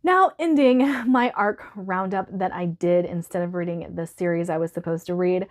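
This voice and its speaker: A woman's voice: lowish voice, moderate pace, hardly any pauses. A woman book vlogger giving a casual monthly reading wrap-up, chatty and emotional, laughing often.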